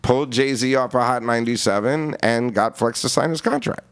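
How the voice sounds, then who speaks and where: A man with a voice of ordinary pitch tells a long story as a podcast guest. He is casual and swears freely. He keeps checking in with his listener. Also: moderate pace, clear, resonant tone. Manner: casual, profane, peppered with 'you know what I mean'. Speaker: interview guest. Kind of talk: animated storytelling with acted-out quotes.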